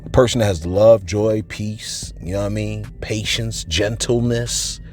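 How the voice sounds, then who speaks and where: A man's voice: fairly low pitch, a little slow, darkish tone. A man hosting a casual commentary show, reading out viewer comments and answering them in a slangy way, often adding "man" and "you know what I'm saying". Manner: slangy, playful asides.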